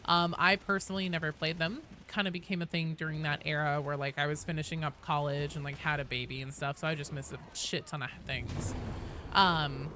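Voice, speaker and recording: A woman in her thirties streaming a game, chatting casually with viewers, joking and sometimes bursting into loud swearing. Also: low-pitched, little pitch movement, fairly quick, slight background noise. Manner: chatty and jokey, breaks into loud swearing outbursts. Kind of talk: casual live-stream chat answering viewers.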